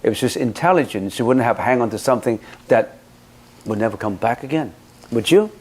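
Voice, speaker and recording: A man's voice: medium pitch, lively intonation, a little fast, darkish tone, slightly rough. Emphatic male monk giving a dharma talk. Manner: emphatic, asks the listener rhetorical questions; blunt, scolding teacher. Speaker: Buddhist monk teaching. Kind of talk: dharma talk answering a question.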